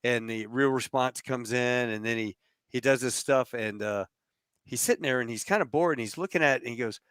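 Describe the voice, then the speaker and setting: A man's voice: medium pitch, fairly quick, fairly bright tone, clean tone, no echo, studio quality. A man hosting a podcast, telling an anecdote in a casual way and acting out the quoted voices. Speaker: podcast host. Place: lives in Texas.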